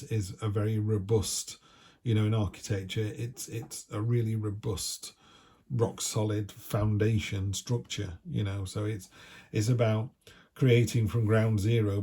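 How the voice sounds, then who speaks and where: A man's voice: on the low side, little pitch movement, unhurried, dark tone, slight background noise. A man giving a casual, chatty tarot reading with jokey asides, from the United Kingdom. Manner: chatty, jokey, acts out little voices. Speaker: tarot reader.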